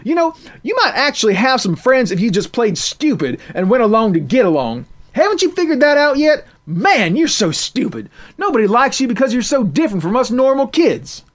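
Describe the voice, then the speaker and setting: A man voicing an angry, scornful teenage boy who shouts insults at a bandmate. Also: on the high side, lively intonation, a little fast, few pauses. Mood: shouting furiously.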